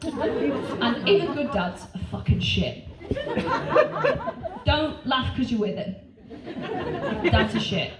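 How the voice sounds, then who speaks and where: A woman's voice: high-pitched, huge pitch swings, slow, pauses often, heavy background noise. A woman performing a stand-up comedy set on a club stage, brash and punchy, swearing freely between bursts of crowd laughter. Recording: roomy live venue, distant, crowd laughter.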